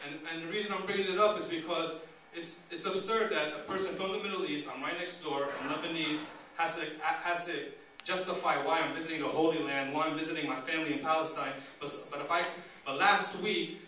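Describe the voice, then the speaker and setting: A man speaking as an activist at a public forum, telling a personal account with animated storytelling that rises to indignant emphasis. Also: a little high. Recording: echoey hall, distant mic, background noise.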